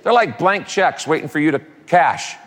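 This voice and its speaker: A man preaching a sermon as a pastor, emphatic, repeating key phrases and dropping quick casual asides. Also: fairly high pitch, lively intonation, fairly bright tone. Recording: long hall reverb.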